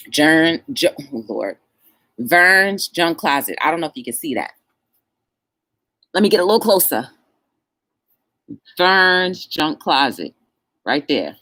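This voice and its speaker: Woman, talk show host, animated pitch, casual live-stream chat, plays both voices in her stories. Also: takes it slowly, long pauses. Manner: animated storytelling, acts out both sides of dialogue; addresses viewers as y'all.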